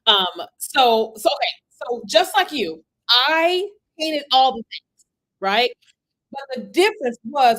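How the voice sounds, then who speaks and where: Woman, high voice, animated livestream coach, keeps asking the audience "right?", webcam. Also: slow pace, rough recording. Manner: animated, chatty, asks the audience for replies, frequent "right?" and "okay?". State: itchy from an allergy. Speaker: content creation coach. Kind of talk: livestream talk to viewers. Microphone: computer webcam.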